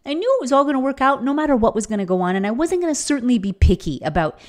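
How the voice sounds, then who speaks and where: A woman's voice: high-pitched, big pitch swings, very fast, a little mellow. Middle-aged woman, enthusiastic inspirational faith speaker, earnest storyteller. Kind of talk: motivational faith talk.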